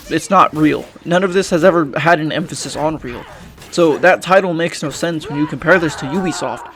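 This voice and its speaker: A man's voice: a little high, lively intonation, brisk, fairly bright tone. A young man giving frustrated, profane game commentary as a YouTuber, often restarting his sentences. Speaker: gaming YouTuber.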